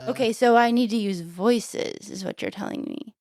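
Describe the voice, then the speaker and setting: A woman's voice: fairly high pitch, normal speed, darkish tone, no room sound, studio quality. A woman co-hosting a podcast, chatting casually and reacting to jokes with amused teasing. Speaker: podcast co-host. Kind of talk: casual chat.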